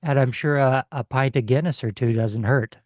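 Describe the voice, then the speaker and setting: A man's voice: mid-range voice, moderate pace, darkish tone, no echo, studio quality. Upbeat male radio show host.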